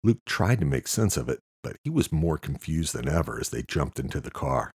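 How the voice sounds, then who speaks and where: Deep, husky male audiobook narrator. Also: big pitch swings, brisk, no echo, clean studio sound. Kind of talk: scripted narration.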